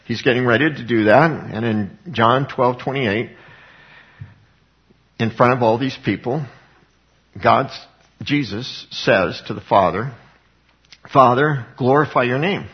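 A man's voice: mid-range voice, takes it slowly, pauses often. Man preaching conversationally, dull lo-fi sound. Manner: conversational, voicing scripture quotes dramatically, chuckling often. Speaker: Bible teacher. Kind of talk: informal sermon. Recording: dull lo-fi recording.

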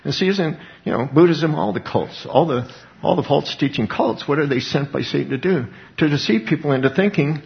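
A man's voice: on the high side, animated, fairly quick, gravelly. A man preaching a sermon, emphatic, with rhetorical questions and repeated words. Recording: dull lo-fi recording.

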